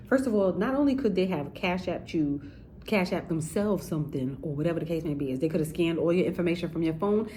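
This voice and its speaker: A woman's voice: on the low side, warm tone, slight background noise, rough recording. A woman giving casual, sassy commentary straight to her viewers. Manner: chatty, sassy, addresses viewers directly. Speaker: commentary vlogger.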